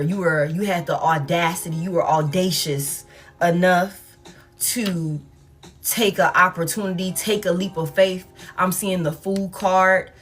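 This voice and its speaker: Chatty, foul-mouthed woman reading tarot. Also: on the low side. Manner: chatty, swears freely, talks straight to viewers. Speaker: tarot reader. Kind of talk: casual tarot reading to camera. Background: faint background music.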